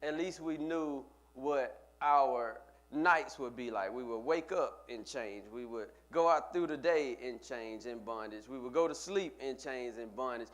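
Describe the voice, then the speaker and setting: A man's voice: medium pitch, measured pace, few pauses. A male pastor preaching a sermon, building with emphatic, repeated phrases. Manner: preaching with rising emphatic repetition.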